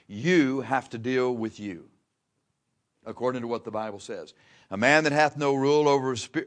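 Man preaching a folksy, emphatic sermon. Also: medium pitch. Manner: preaching with emphatic rises and repeated phrases. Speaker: pastor.

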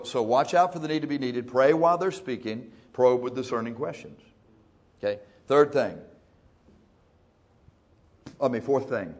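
A male pastor preaching in a church, folksy and emphatic, speeding up and slowing down for effect. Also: mid-range voice, a little mellow. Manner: folksy, emphatic, shifting between fast and slow. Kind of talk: sermon.

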